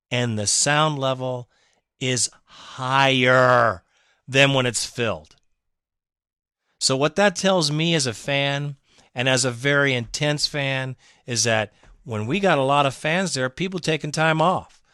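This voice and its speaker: A man hosting a fan podcast, delivering a passionate, rambling monologue that swings from mutters to shouts. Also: mid-range voice, no echo, clean studio sound. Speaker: podcast host.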